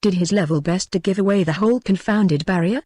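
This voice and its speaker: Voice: mid-range voice, dark tone, dry recording, natural voice. A reader voicing an inquisitive Edwardian clubman. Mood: probing. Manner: inquisitive, deliberate questioning. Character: curious, probing Edwardian clubman.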